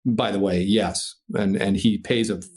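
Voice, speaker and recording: A man from Minnesota, a podcast guest, telling a story in a casual, animated way, swearing freely and laughing through the tense parts. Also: on the low side, unhurried. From Minnesota, USA. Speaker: podcast guest, paraglider pilot.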